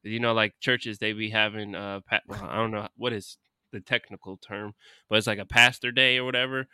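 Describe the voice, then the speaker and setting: Dude co-hosting a podcast, super bright crisp voice, blunt profane rants, dry close sound. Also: male voice, fairly low pitch, little pitch movement, brisk, no echo. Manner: blunt, profane, emphatic ranting. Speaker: podcast co-host. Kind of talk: casual chat. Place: Houston.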